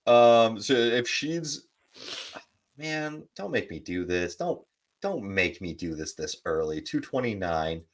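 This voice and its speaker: A male podcast co-host talks slowly in a lowish, very animated voice. He's casually discussing sports in a debate-style chat, telling stories and tossing in jokes along the way.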